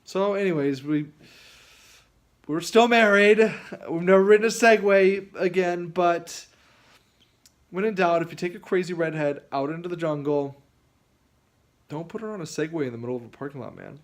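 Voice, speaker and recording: A man's voice: fairly high pitch, moderate pace, pauses often. Rambling man telling a story. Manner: rambling, lots of fillers and restarts. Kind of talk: casual anecdote.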